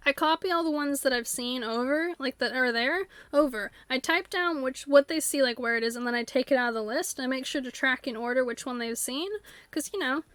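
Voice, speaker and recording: Woman streamer, casual game-stream chatter; high and chatty, dry close mic. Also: brisk, a bit bright, clean tone, no echo. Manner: rambling, filler-heavy, bursts into silly character voices. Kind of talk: casual chat while live-streaming a game. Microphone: desktop USB mic.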